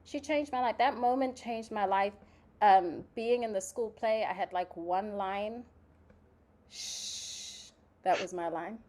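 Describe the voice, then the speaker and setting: A young woman from Zimbabwe, a playwright and actress, telling stories in a casual interview, animated and full of "like" fillers. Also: medium pitch, moderate pace. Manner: animated storytelling, many "like" fillers, acts out quotes.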